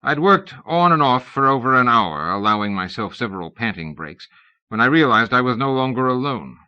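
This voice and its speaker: A man reading an audiobook, narrating in a measured, wry storytelling manner. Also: mid-range voice, animated, sharp tone, clear, resonant tone. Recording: dull lo-fi cassette recording.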